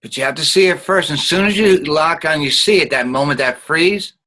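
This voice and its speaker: A man's voice: a little high, a little fast, bright, forceful tone, low-quality recording. A man teaching an online acting class, guiding students patiently and showing each sound with hums.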